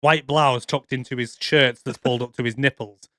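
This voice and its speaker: A man's voice: mid-range voice, fairly even intonation, normal speed, a bit bright, no echo, clean studio sound. A man co-hosting a podcast, retelling film scenes with jokes, swearing and put-on quotes. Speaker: podcast co-host. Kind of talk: casual movie review banter.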